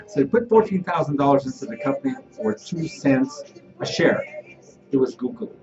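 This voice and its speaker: A man's voice: mid-range voice, very animated, brisk, over music. A man co-hosting a radio show, chatting casually and laughing along easily. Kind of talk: casual talk-radio chat. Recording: muffled live-stream audio from a distant mic.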